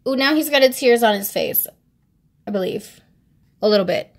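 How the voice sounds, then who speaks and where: A young woman vlogging as she unboxes an album, chatting casually and excitably, gasping, giggling and now and then dropping to a hushed whisper. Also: on the high side, moderate pace. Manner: excitable, gushing, with gasps, giggles and squeals; drops to hushed whispers at times.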